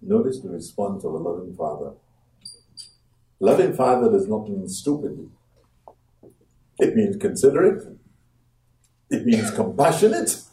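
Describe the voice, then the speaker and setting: A man preaching a sermon as pastor, dramatic, acting out quoted voices and swinging from hushed to loud. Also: on the low side, sing-song, a little slow, long pauses. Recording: echoey room from far off.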